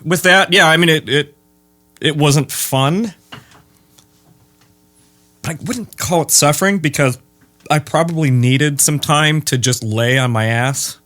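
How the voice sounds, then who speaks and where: A man from the Midwest, a guest who makes bass guitars, chatting casually in an interview with dry humor and frequent pauses. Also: fairly bright tone.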